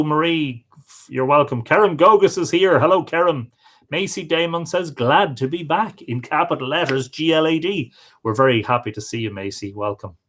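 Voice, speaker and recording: A man's voice: fairly high pitch, a bit bright. A man with an Irish accent hosting a livestream, chatting casually and reading viewers' comments aloud, greeting each one by name. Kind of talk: casual live chat.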